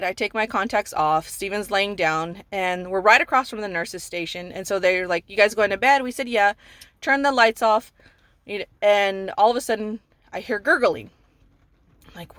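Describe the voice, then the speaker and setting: A woman's voice: medium pitch, fairly bright tone, dry recording. A woman in her thirties, a mother from California, giving an emotional personal testimony and retelling dialogue as she goes. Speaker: mother telling her son's story.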